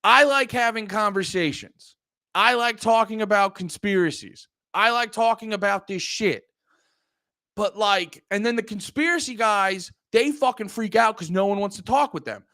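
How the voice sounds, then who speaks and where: A man's voice: sits high, moderate pace, sharp tone, dry recording, clean studio sound. A man from Pennsylvania, a comedian hosting a livestream, talking to his chat in a profane, rambling, heated way. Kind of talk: casual livestream talk to chat.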